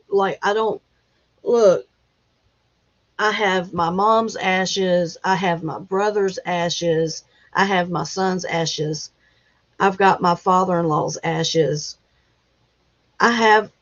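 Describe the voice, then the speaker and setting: Slow, halting woman near tears. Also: lowish voice. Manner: emotional, halting, fighting back tears. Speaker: livestream host. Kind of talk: casual livestream chat. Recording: dull lo-fi livestream audio.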